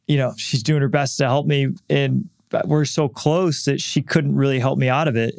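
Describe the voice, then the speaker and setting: Man, middle-aged, podcast host, candid reflective monologue, gravelly, dry close sound. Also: mid-range voice, a little mellow, no room sound. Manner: earnest, candid, frequent fillers and restarts.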